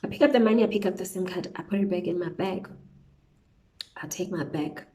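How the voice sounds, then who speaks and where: A young woman from South Africa chats her way through a storytime while applying eye makeup. Her voice is lowish and mellow, and her telling is lively and full of casual interjections. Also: a little fast, rough recording. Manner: chatty, animated storytelling with slang interjections. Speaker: beauty vlogger. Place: indoors at home, windy outside.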